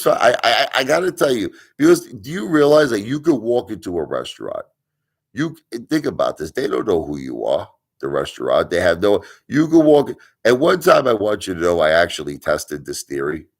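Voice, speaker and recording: A middle-aged man from Brooklyn who hosts a live stream, telling stories and ranting in a blunt, emphatic way with casual swearing. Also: extremely low pitch. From Brooklyn, New York. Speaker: livestream host.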